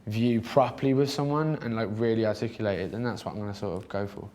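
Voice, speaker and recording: A man's voice: fairly low pitch, steady tone, fast talker, a little mellow. A young man answering interview questions in a casual, hesitant way, with lots of filler words. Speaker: interview guest, comedian.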